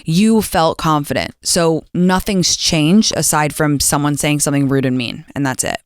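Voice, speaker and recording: A young adult woman hosting a call-in podcast, giving blunt, animated advice and swearing freely. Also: deep voice, normal speed, smooth, no echo, studio quality. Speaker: podcast host taking calls. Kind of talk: casual advice chat.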